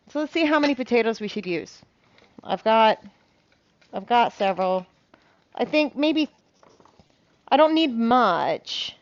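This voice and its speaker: Fairly high in pitch with a somewhat bright tone, a woman talks while cooking, captured in dull lo-fi sound. The cooking vlogger keeps up a rambling, casual chat peppered with ums and casual cursing.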